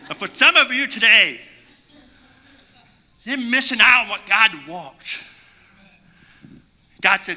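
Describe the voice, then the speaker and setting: A male pastor preaching a sermon and telling a story with animated swings between hushed and loud delivery. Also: sits high, slow, pauses often. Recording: long reverb in a large hall.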